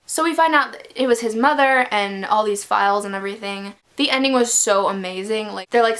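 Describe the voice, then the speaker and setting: A woman giving a casual book review in her vlog, talking as a gushing, excitable fan. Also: mid-range voice.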